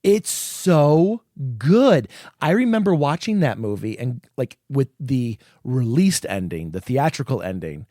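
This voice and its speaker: A man's voice: medium pitch, unhurried, dry recording, studio quality. A man co-hosting a podcast in casual chat, swearing freely and acting out reactions as he talks. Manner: animated, swears freely, acts out quoted reactions. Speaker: podcast co-host.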